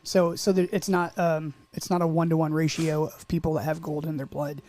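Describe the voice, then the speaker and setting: A man's voice: on the high side, little pitch movement, a little mellow, slight background noise. A man co-hosting a podcast in casual, rambling chat, joking and breaking into silly voices. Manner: rambling, jokey, quick to put on silly voices. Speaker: podcast co-host.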